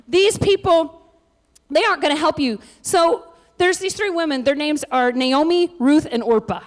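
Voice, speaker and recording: A woman pastor preaching a lively, conversational sermon with joking asides. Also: high voice, moderate pace.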